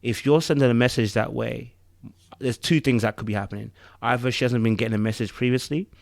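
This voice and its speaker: A man's voice: mid-range voice, fairly even intonation, quick pace, vocal fry, no echo, studio quality. A man co-hosting a casual review podcast, thinking aloud with rhetorical asides and frequent restarts. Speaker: podcast co-host.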